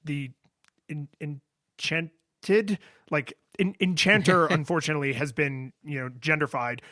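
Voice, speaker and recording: A man co-hosting a podcast in casual chat, animated, laughing often and restarting his sentences. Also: on the high side, unhurried, dry recording, studio quality. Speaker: podcast co-host.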